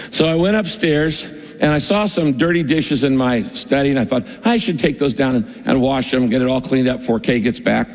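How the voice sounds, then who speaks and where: Emphatic preacher in a reverberant hall. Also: male voice, medium pitch, brisk. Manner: storytelling, emphatic, laughs while preaching. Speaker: pastor. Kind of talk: sermon.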